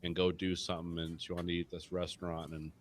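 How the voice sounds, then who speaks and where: A man's voice: sits low, flat delivery, quick pace, a little hiss or hum. A man co-hosting a podcast, chatting casually, rambling and swearing freely. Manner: rambling, profane, quotes people in put-on voices. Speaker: podcast co-host. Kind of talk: casual chat.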